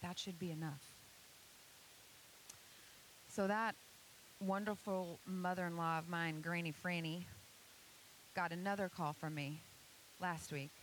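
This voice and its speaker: Woman presenter, earnest, rhetorical questions, lowish voice, faint hiss. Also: fairly even intonation, normal speed, long pauses, a bit bright, poor audio. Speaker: speaker giving a church presentation. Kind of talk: motivational talk to an audience.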